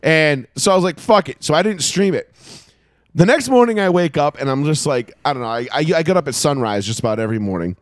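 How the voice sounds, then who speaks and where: Higher-voiced guy cussing thru a story, animated, dry close sound. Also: fast, no room sound. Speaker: podcast co-host. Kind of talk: casual chat.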